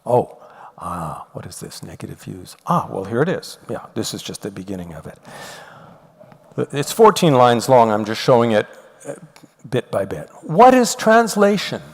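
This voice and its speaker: An older man giving a university lecture, explaining step by step and reading poetry aloud in an animated way. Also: fairly low pitch, moderate pace, gravelly, husky. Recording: long hall reverb.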